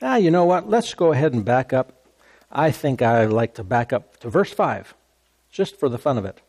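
Man preaching in a relaxed, repetitive way. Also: medium pitch, moderate pace. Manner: conversational preaching, repeats phrases, asks the congregation "Amen?". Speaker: pastor. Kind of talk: sermon.

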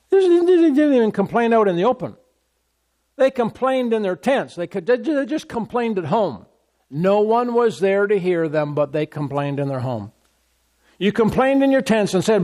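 This lively sermon comes from a pastor speaking at a moderate pace in a voice a little high for a man. He goes over his verse references again and again, moving between reading scripture and joking with the congregation.

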